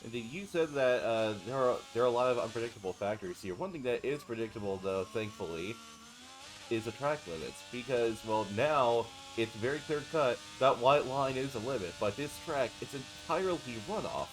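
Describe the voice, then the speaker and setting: A man with a stuffy, congested voice giving live commentary on a racing game and calmly explaining car setup. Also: mid-range voice, normal speed, background noise. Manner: explanatory, steady analysis. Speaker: esports commentator.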